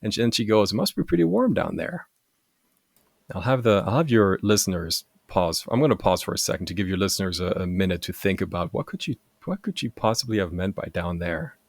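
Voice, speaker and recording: Man in his forties, from Germany, animated anecdotes, somewhat low voice, dry close recording. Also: fast, hardly any pauses, no echo. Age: 40s. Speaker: podcast guest. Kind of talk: casual storytelling.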